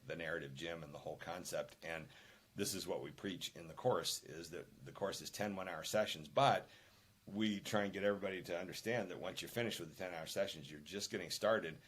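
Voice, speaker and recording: Older male guest, very low voice, emphatic anecdotal storyteller. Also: steady tone, fast, fairly bright tone, breathy edge. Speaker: podcast guest, author and filmmaker. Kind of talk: conversational interview.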